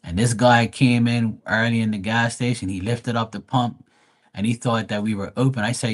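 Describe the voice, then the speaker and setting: A man's voice: lowish voice, fairly even intonation, fairly quick. A man giving live tarot readings, talking bluntly and profanely, with emphatic restarts. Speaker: tarot reader.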